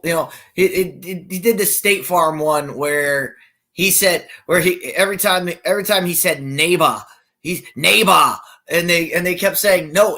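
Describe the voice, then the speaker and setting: A man's voice: sits high, fairly bright tone. A male podcast co-host in casual sports chat, rambling with many restarts.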